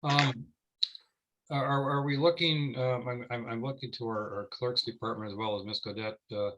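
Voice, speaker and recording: A man's voice: medium pitch, steady tone, moderate pace, muffled recording, noisy background. A man chairing a town council meeting as mayor, often stumbling and repeating his words as he restarts.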